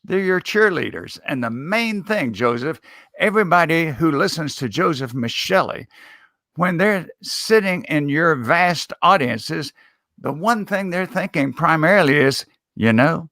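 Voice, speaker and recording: Casting: male speech coach guest, bright forceful voice, emphatic and measured, close dry recording. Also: fairly high pitch, animated, dry recording. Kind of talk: interview answers.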